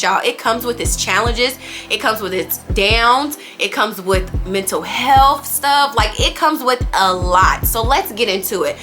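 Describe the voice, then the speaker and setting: A young woman, a new mother, chatting candidly to camera about parenting in a casual vlog. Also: on the high side. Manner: chatty and candid, says y'all, girl and you guys often. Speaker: vlogger. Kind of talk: casual sit-down chat to camera.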